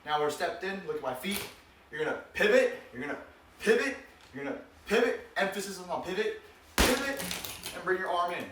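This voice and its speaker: This high-pitched man talks fast as he walks viewers through self-defense techniques, shouting out every strike mid-demonstration. His vlog is full of jokes and lively energy. Sound comes from a far-off mic in an echoey, noisy space.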